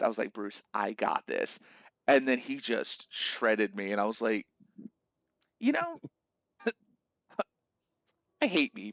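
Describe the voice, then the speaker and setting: Here a young man on stream gives a relaxed, lively rundown of a video game, performing quotes in assorted voices. His pitch is medium. A dull, lo-fi, dry microphone captures him.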